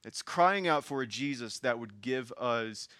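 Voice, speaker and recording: Bright-voiced Southern preacher, passionate. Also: male voice, medium pitch, lively intonation, a little slow, no echo, studio quality. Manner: impassioned, swinging between hushed and raised delivery. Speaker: pastor. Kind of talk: sermon.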